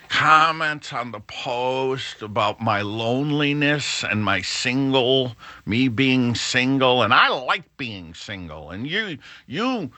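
A man's voice: mid-range voice, pushed and bright, no room sound. A middle-aged man hosting a show, talking in a rambling, wry monologue that keeps breaking off and restarting. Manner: rambling, self-interrupting, wry. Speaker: show host. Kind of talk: casual monologue.

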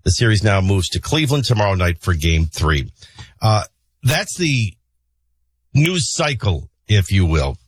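A man hosting a morning talk radio show, mixing news headlines with opinionated, conversational commentary and frequent filler pauses. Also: fairly low pitch, big pitch swings, breathy edge. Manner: opinionated, conversational, sarcastic asides. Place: radio studio. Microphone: studio broadcast mic.

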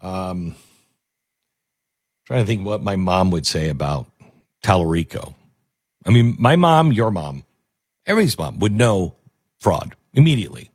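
A man's voice: low voice, sing-song, measured pace, long pauses, darkish tone, breathy edge, no room sound, clean studio sound. A man hosting a talk radio show, chatting casually and sarcastically with plenty of fillers and jokes. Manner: sarcastic, joking, loose with fillers.

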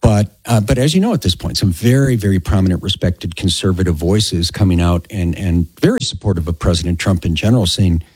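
A man with a deep, slightly husky voice hosts a radio call-in show. He talks in a relaxed, conversational way, full of "yeah"s. The studio sound is dry and close. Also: brisk, hardly any pauses, no echo. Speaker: radio talk host. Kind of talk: talk radio chat.

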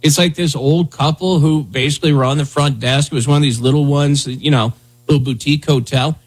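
A man's voice: fairly high pitch, fairly even intonation, fairly quick, slightly rough. A man hosting a talk show, chatting loosely and rambling with lots of "dude" and "man". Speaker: radio show host. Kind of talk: casual talk radio banter.

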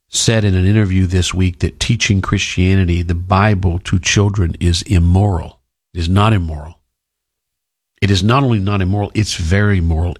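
A man hosting a talk radio show, delivering an emphatic, sarcastic monologue with mocking asides. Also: sits low.

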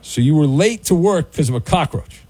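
Mellow-voiced male radio host. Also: fairly high pitch, expressive, moderate pace, husky, dry recording. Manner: dry, teasing, mock-sympathetic. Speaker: late-night sports radio host. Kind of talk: casual talk radio. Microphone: studio microphone.

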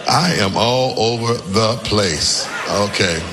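A man preaching a sermon as pastor, calling for responses from the congregation, shouting at peaks and joking with the crowd. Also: lowish voice, slow pace, music in the background. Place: large church hall. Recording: long church hall reverb.

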